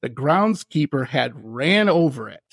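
A man hosting a podcast, telling animated stories, often laughing and acting out the voices of the people in them. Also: mid-range voice, measured pace, gravelly, slightly rough, no echo. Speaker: podcast host. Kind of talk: casual storytelling chat.

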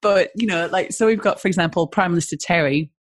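A woman's voice: lowish voice, fast, dry recording. A woman with an Australian accent, a business founder talking as a podcast guest in a rambling, chatty way full of "you know, like". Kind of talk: casual podcast interview.

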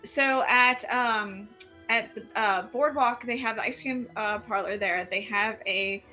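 Bright-voiced female podcast co-host. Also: on the high side, unhurried, faint music behind. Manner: rambling, filler-heavy chat. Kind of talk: casual podcast chat.

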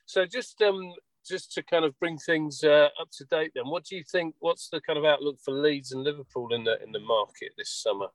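A man's voice: fairly high pitch, brisk, no room sound, rough recording. A man hosting a football podcast, agreeing often and steering the chat with rambling questions. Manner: affirming, lots of "yeah", rambling questions. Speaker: podcast host. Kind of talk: casual chat.

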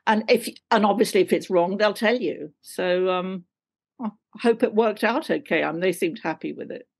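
A woman chats over a video call, warm and self-deprecating and quick to laugh. She speaks in a plain middle pitch and rambles easily from one thought to the next. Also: breathy edge. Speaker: guest actor. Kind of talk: casual interview chat.

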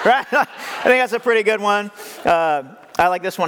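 A man's voice: sits high, moderate pace, fairly bright tone, a little hiss or hum. A male pastor preaching in a joking, conversational way, with self-deprecating asides. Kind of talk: humorous sermon storytelling. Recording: long hall reverb.

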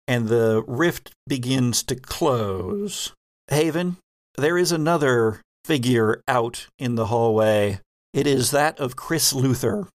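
Slow, measured male game master. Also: medium pitch, animated. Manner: measured, descriptive narration. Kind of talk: narrating a tabletop game.

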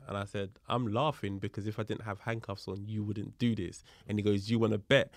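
A man, a guest on a podcast, telling a story in a lively, casual way and acting out the other people's voices, with street slang and swearing. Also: lowish voice, a little fast, few pauses, dry recording, studio quality. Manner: animated, acts out the voices of people in his story. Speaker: podcast guest, police officer.

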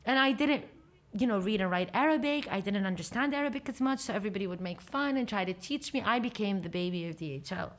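A woman in her forties with an American accent, a podcast guest telling her life story in a lively way, acting out dialogue and dropping in Arabic phrases. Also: mid-range voice, fast, hardly any pauses. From Lebanon and United States. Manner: animated, acts out dialogue, slips into Arabic phrases. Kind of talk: personal storytelling interview.

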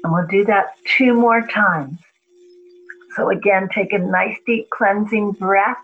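A woman speaking as a spiritual teacher, calmly guiding breathing and a mantra meditation. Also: medium pitch, narrow, tinny audio. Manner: slow, calm, guiding.

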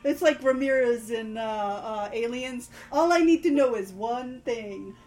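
A woman with a high voice chats about her game as a player, laughing easily between thoughts. She talks in a loose, friendly run of fillers. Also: a little slow, darkish tone, low-quality recording. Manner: giggly, chatty. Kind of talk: casual chat.

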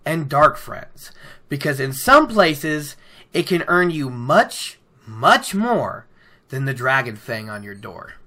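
Casual book recap, chatty host, enthusiastic asides, bright sharp tone. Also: mid-range voice. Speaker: podcast host.

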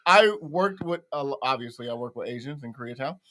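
A man co-hosting a live podcast who talks in relaxed, slangy banter. His intonation moves around a lot and his tone is bright. He sounds easygoing. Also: medium pitch, a little fast. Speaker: podcast co-host. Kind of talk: casual chat on a livestream.

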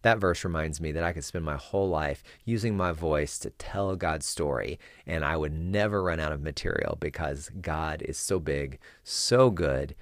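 A man hosting a podcast for children's ministers, teaching Bible storytelling with dramatic pauses and hushed whispers. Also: extremely low pitch, dry recording, clean studio sound.

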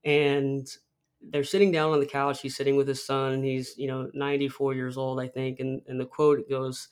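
A man's voice: medium pitch, completely flat delivery, moderate pace, a little mellow, clean tone. A young man, a podcast guest, telling a personal story in a rambling way with many restarts. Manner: rambling, many restarts, acts out film quotes.

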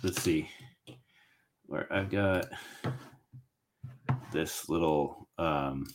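A man hosting a podcast, rambling and thinking out loud in a casual sports chat. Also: rumbling low, extremely slow, a little hiss or hum. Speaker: podcast host.

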